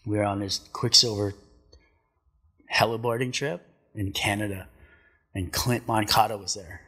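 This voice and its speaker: A middle-aged man, a pro surfer and commentator, telling stories as a guest in a casual chat, profane and animated. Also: lowish voice, moderate pace, slightly rough, long reverb tail. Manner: profane, animated, acts out quotes.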